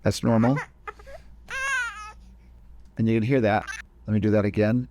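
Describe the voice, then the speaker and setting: Low-voiced man walking through software. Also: level tone, unhurried, highs cut off, noisy background. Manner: casual step-by-step explaining, frequent self-corrections. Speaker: video editing instructor. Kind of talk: screen-recorded software tutorial.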